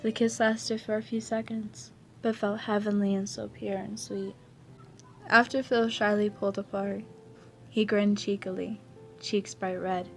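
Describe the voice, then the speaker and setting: A woman narrating a first-person fan fiction story in a soft, even reading voice. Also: mid-range voice, unhurried, faint music behind. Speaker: story reader.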